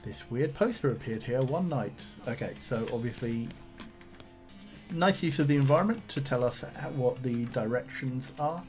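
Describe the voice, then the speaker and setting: A man of middle pitch chats through a video game stream, reading the game's text aloud and dropping easygoing comments between lines. Faint guitar music plays softly underneath. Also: animated, normal speed. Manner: chatty, reads on-screen text aloud with asides. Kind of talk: casual game let's-play commentary.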